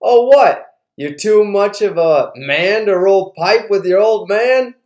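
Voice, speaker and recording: A man's voice: very high-pitched, steady tone, slow, darkish tone, pitched above the performer's own voice. A man voicing a drunk, hulking father who mocks and goads his teenage son. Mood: taunting. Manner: mocking, goading. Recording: roomy echo.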